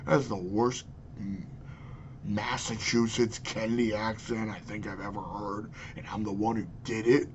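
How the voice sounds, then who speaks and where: A man's voice: on the low side, steady tone, unhurried, lo-fi sound, a little hiss or hum. A man in his twenties ranting angrily and profanely about politics into his webcam. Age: 20s. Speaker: vlogger. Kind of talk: political rant.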